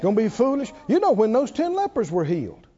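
A man preaching a sermon as pastor of a church, animated, calling out hallelujahs. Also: very high voice, fast. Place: church sanctuary. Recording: dull sound, long hall reverb.

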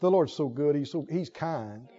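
A man's voice: fairly high pitch, expressive, moderate pace, dark tone, big-room sound. A man preaching a sermon, emphatic and laughing often as he asks the congregation questions. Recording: dull lo-fi recording.

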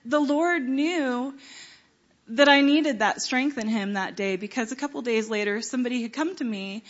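A woman telling a personal testimony to a congregation, earnest and unhurried, with many fillers and pauses. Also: on the high side, dull audio. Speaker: church member giving a testimony.

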